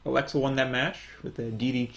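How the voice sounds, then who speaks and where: A man's voice: medium pitch, level tone, quick pace, vocal fry, a bit bright. A man co-hosting a casual podcast, joking in a laid-back, teasing way. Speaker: podcast co-host. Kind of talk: casual chat.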